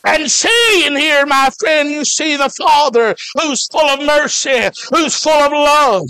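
A man from Alabama preaches in a fervent, high and bright voice. He shouts and stretches out his phrases, with frequent "uh" fillers. The sound is close and dry, with no room around it. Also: a little slow, no echo. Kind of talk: shouted revival sermon.

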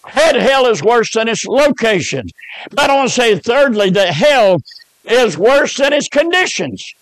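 A man's voice: very high voice, big pitch swings, measured pace, a bit bright, dry recording, low-quality recording. A man, preaching a revival sermon with fervent storytelling. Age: 70s.

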